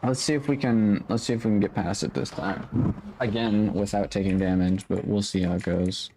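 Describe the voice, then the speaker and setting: A man giving relaxed, unbothered commentary while playing a video game. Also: fairly low pitch, moderate pace, a little hiss or hum. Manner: laid-back, unbothered remarks while playing. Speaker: gaming channel host. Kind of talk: casual gameplay commentary.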